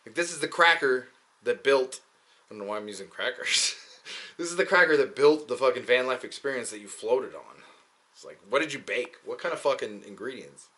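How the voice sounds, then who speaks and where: A man's voice: medium pitch, lively intonation, fairly quick, bright, forceful tone. A young man talking in a rambling, profane, joking way, often slipping into mocking quoted voices. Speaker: podcast host. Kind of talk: casual rambling monologue.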